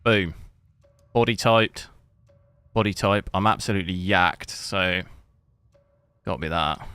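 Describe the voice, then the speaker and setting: A man's voice: low-pitched, measured pace, sharp tone, clear, resonant tone, no echo, soft background music. A man giving chatty, rambling commentary while playing a game. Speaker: gaming streamer. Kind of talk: casual gameplay commentary.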